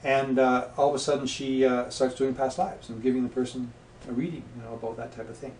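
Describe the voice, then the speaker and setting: A mid-pitched man chats as a guest, spinning anecdotes and playing out the voices of the people in them. He sounds set back from the mic in a roomy, echoing space, with a faint hiss underneath. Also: steady tone, a little fast, darkish tone. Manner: anecdotal storyteller who acts out quoted voices. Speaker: guest, past life regression practitioner. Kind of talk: casual interview chat. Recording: echoey room, distant mic, faint noise.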